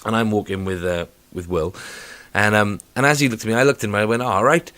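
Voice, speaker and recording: A man co-hosting a casual podcast, telling stories in an animated, mocking way with sudden outbursts. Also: fairly low pitch, quick pace. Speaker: podcast co-host. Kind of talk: casual chat.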